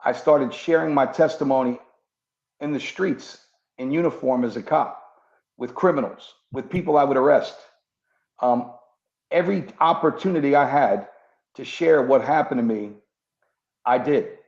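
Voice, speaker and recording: A man's voice: mid-range voice, normal speed, pauses often, a little mellow. A man, a former police officer turned preacher, earnestly telling his conversion story in an interview and acting out the dialogue he recalls. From New York. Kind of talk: personal testimony in an interview. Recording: muffled echoey room.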